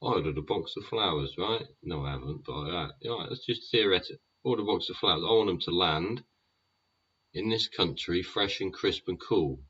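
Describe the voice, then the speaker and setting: A man's voice: deep voice, moderate pace, a bit bright, husky. A man hosting a show, rambling in a sweary monologue full of tag questions like "yeah?" and "wouldn't ya?". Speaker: podcast host. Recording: dull lo-fi recording.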